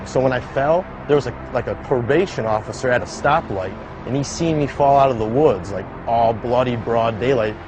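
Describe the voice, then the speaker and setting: A young man recounting a personal survival story in a casual, halting way, with many "like" fillers. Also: medium pitch, noisy background. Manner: casual, halting, heavy use of "like". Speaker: survivor telling his story. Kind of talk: documentary-style personal account. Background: background music.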